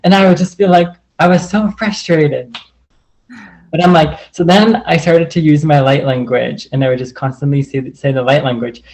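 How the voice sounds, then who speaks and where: A man's voice: fairly high pitch, steady tone, moderate pace, a little mellow, rough recording. A man sharing personal stories in a casual, earnest way, rambling and leaning on the filler "like" over and over. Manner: rambling, heavy use of "like" fillers; earnest and open.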